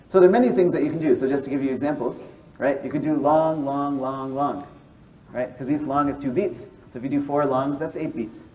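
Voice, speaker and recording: Male mathematician, patient walk-through delivery, warm dark tone, recorded from a distance. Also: mid-range voice, slight background noise. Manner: explains step by step, checks in with "right?". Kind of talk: explanatory lecture and interview.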